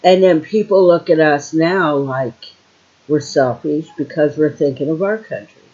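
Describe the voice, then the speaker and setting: Older lady from ohio just rambling at home, slow, lots of um and you know, kinda muffled sound. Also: low-pitched, a little mellow. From Ohio, USA. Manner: meandering, with many fillers and trailing thoughts. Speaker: vlogger. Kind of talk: casual rambling monologue.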